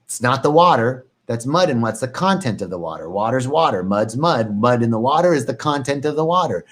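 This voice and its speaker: Man, meditation teacher on a live stream, calm and reflective, repeats phrases, playful bursts of mock worry. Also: mid-range voice, a little fast.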